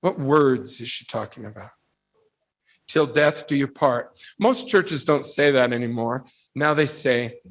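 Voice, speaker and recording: A man's voice: medium pitch, a little slow. A man giving a storytelling devotional talk to young people. He acts out the voices in his anecdotes and builds his point through rhetorical questions and emphatic repetition. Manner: animated storyteller who acts out quoted voices. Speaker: youth speaker.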